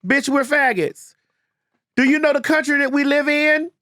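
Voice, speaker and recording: A woman's voice: steady tone, normal speed, a bit bright, no room sound, clean studio sound. A woman hosting a podcast in casual chat, blunt and emphatic, swearing freely. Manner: low and earnest when comforting. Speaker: podcast host.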